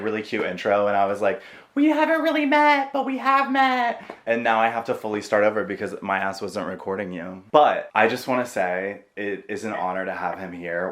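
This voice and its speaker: A man hosting his channel in a casual chat, excitable and swearing, laughing at himself. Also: lowish voice, a little fast, few pauses. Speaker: host. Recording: echoey room.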